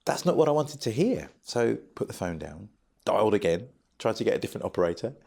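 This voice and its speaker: A middle-aged man, a guest in an interview, telling stories in an animated, humorous way. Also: fairly low pitch, fast talker, gravelly. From United Kingdom. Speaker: charity founder guest. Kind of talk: interview storytelling.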